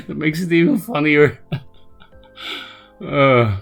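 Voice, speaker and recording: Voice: mid-range voice, very animated, extremely slow, creaky, long pauses, husky, soft background music. A game streamer chatting casually with viewers, self-mocking and repeatedly breaking into helpless laughter. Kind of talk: casual live-stream chat.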